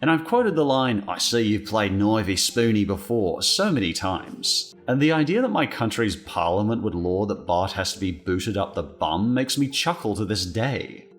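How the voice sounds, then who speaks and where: A man's voice: lowish voice, very animated, moderate pace, few pauses, soft background music. An Australian man narrating a scripted video with wry, playful asides. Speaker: guest commentator.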